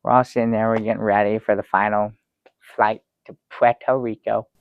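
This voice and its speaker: A man plays an excitable, fussy guest with a mid-pitched, gravelly voice who rambles and stalls, then bursts into theatrical exclamations. The recording sounds slightly dull and lo-fi and dry, with no room echo. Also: fairly quick. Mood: rambling. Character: fussy excitable man telling a travel story. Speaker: talk show guest. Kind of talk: improvised comic storytelling.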